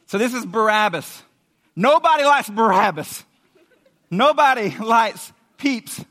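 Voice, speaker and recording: A youth pastor giving a sermon in a lively, casual storytelling way, using props and questions to the room. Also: male voice, high voice, takes it slowly.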